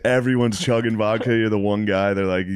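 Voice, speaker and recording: A man with a very low, deep voice adds deadpan one-liners to a casual chat. The sound is close and dry, with no room around it. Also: brisk, smooth, no room sound. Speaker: podcast co-host. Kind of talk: casual podcast banter.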